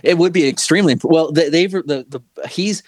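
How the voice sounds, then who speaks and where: A man's voice: a little high, moderate pace. A man hosting a casual chat, rambling and gossipy with frequent restarts.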